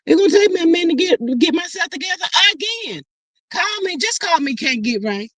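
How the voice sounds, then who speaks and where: Woman, stream host; high, dry, close-miked, lively chat. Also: a little fast, no echo. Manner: chatty, animated, Southern-style slang. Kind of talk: casual live stream chat reading comments.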